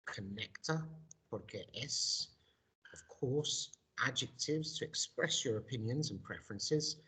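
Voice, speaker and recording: Husky, lively-voiced male teacher. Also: mid-range voice. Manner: models words for pupils to repeat; slow and deliberate, stressing each sound. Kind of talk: recorded video lesson.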